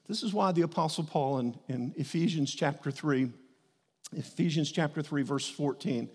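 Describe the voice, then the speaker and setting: A man's voice: on the high side, darkish tone. A male pastor preaching a sermon, telling a story and rising to emphatic declarations. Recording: long hall reverb.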